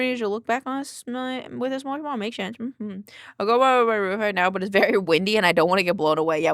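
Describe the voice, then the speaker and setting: A woman's voice: medium pitch, vocal fry, a bit bright, no echo, studio quality. A young woman streamer chatting casually with her live chat in a sleepy, laid-back way, counting out exercise reps as she goes.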